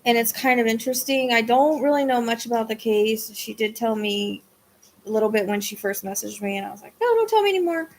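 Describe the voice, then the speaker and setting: Running a psychic livestream, this woman chats casually with her audience in a slightly high voice that barely moves in pitch, at a brisk pace. She comes across as worn out and drained, rambling, starting sentences over and trailing off.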